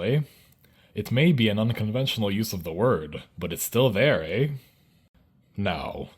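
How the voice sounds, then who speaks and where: Mock-serious young Canadian man, lively pitch. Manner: mock-serious lecturing, jumping between high and low pitch. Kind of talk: deadpan satirical explainer.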